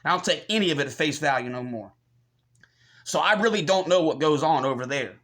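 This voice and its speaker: A man's voice: on the high side, expressive, a little fast, a bit bright. A man from the United States hosting his own channel, giving combative commentary full of profanity and scorn. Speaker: channel host. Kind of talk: ranting commentary.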